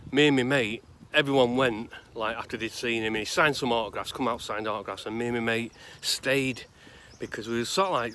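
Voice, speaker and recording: Out in a cemetery, a grave-visiting vlogger from Salford, England, speaks in a fairly bright tone at a middling pitch. He tells his story and casual tribute in a loose ramble full of pauses, while clear outdoor noise and distant traffic carry under his voice.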